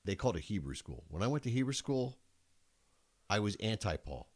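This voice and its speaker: A middle-aged man with a very low voice that still swings widely in pitch. He chats casually on a podcast and drops wry, teasing remarks. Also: big pitch swings, fairly quick. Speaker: podcast co-host. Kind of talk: casual chat.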